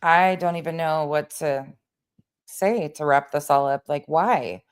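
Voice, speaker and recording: A woman's voice: deep voice, measured pace, clean tone. A woman hosting a livestream commentary, frustrated and searching for words. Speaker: commentary host.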